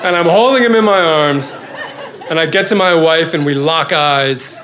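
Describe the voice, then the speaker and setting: Lively, self-mocking storytelling father. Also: a little high, moderate pace, crowd noise, noisy background. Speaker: father telling a personal story. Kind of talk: live storytelling performance.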